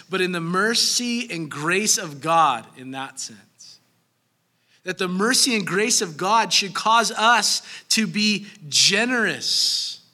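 A man in his thirties preaching a sermon as pastor, animated, breaking into acted asides. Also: sits high.

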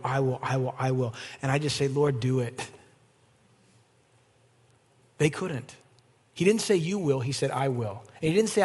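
A man preaching an evening sermon as pastor, animated and rising to emphatic peaks, then leading a closing prayer. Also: fairly high pitch, breathy edge. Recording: long hall reverb.

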